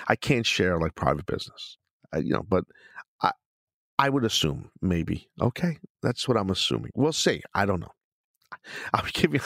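A man's voice: sits low, vocal fry, a bit bright, no room sound, clean studio sound. A man hosting his own podcast, answering listener questions in a blunt, rambling, profane way. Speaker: podcast host.

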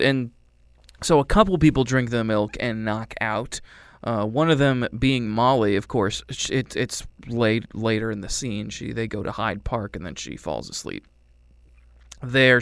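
A man reviewing a film in a loose, rambling way, with a wry edge and quick character voices thrown in. His voice is smooth and clear at a middling pitch. The recording is close and dry. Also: fairly bright tone, no echo. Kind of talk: casual movie review.

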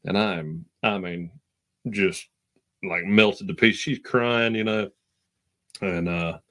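A man in his young adult years speaks in a fairly low register. He tells stories loosely and with feeling, circling back and restarting his sentences often. It comes across as a relaxed sports talk chat. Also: slow. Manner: rambling, emotional storyteller with many restarts. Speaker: podcast co-host. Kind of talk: casual chat, storytelling.

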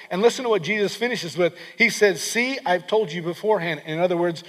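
A man with a notably high voice preaches an emphatic sermon, leaning in and repeating words to drive his points home. His voice rings through the long reverb of a large hall. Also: a little fast, hardly any pauses, fairly bright tone. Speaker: pastor.

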